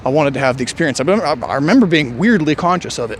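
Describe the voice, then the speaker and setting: Jogging on a trail in the rain, a man with a fairly high, expressive voice delivers a winded, meandering vlog monologue. He's musing and jokey, sighs at length, and soft rain hiss runs underneath.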